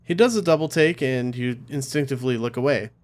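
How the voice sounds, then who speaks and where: A man hosting a let's play, reading a story game's narration in a mid-pitched voice. He breaks off now and then for casual, offhand comments of his own. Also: fairly quick. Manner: casual asides between narration. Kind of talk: reading a visual novel aloud with commentary.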